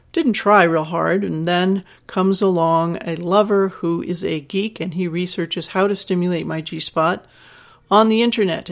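A woman's voice: fairly low pitch, vocal fry. A woman over fifty, a sex educator and podcast host, talking frankly and candidly to a listener and telling personal stories in a reassuring teaching tone. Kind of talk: podcast advice talk to a listener.

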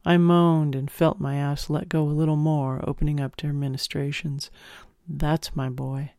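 A man reading a first-person audiobook in an intimate, expressive storytelling manner, close on the mic. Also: a little high, moderate pace, clear, resonant tone, no echo. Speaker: audiobook narrator.

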